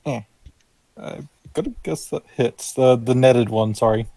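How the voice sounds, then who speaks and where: A man playing a tabletop game, thinking aloud in a relaxed, casual way. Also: mid-range voice, unhurried, creaky, no echo. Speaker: player.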